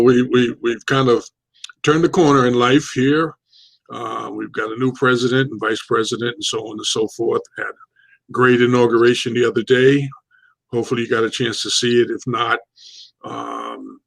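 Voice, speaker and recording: A man hosts a casual online talk show with a gravelly, creaky voice. He talks in a loose, rambling way, often pausing on fillers and restarting his sentences. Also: medium pitch. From United States. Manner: relaxed, rambling, with fillers and repeats.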